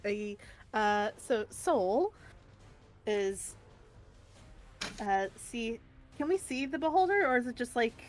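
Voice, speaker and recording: A woman's voice: a little high, expressive, slow pace, pauses often. A woman playing a tabletop game in casual chat, thinking aloud as she plays. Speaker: player.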